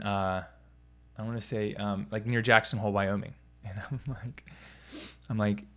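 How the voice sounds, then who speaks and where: A man from the US East Coast coaching physical therapists in a relaxed podcast chat. His voice sits at an ordinary middle pitch. He talks off the cuff, with frequent fillers and self-corrections. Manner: conversational, many fillers and restarts. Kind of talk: casual podcast talk.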